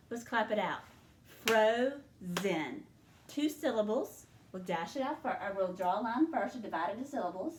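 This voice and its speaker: A woman teaching a spelling lesson to young learners, sounding out each letter and syllable slowly and patiently. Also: a little high, roomy sound, a little hiss or hum.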